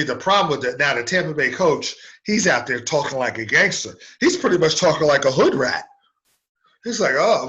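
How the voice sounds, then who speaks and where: A man's voice: medium pitch, bright, forceful tone. A man hosting a sports talk show, ranting heatedly with strong opinions and mocking asides. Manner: fired-up, ranting, mocking impressions. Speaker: sports radio host.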